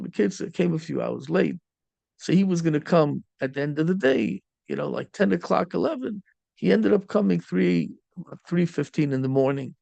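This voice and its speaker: Gravelly-voiced rabbi telling a story. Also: male voice, on the high side, no echo. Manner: animated storyteller with Yiddish and Hebrew words. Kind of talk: storytelling sermon.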